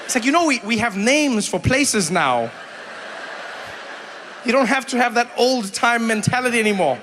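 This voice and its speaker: At a live venue full of long reverb and faint noise, a South African comedian and host tells a story and banters with the crowd. His voice is very high and moderately paced, and he's animated, acting out the voices of other people.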